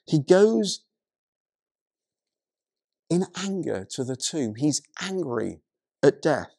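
A male pastor preaching a sermon, retelling a story in an animated way, with many stammered restarts. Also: fairly high pitch, slow, creaky, husky, no echo, studio quality.

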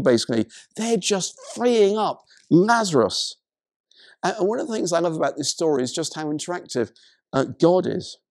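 A male pastor preaching a sermon, retelling a story in an animated way, with many stammered restarts. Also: high voice, no echo, clean studio sound.

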